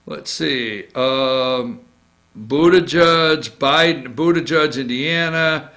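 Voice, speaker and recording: A man's voice: medium pitch, slow pace. A man hosting a casual opinion show, rambling through a list with jokes and asides. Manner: joking, rambling, animated, with asides. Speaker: host.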